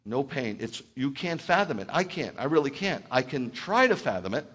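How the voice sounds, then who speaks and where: A middle-aged male rabbi giving a conversational sermon, dropping into quiet asides and then rising to loud, excited outbursts. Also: medium pitch, normal speed.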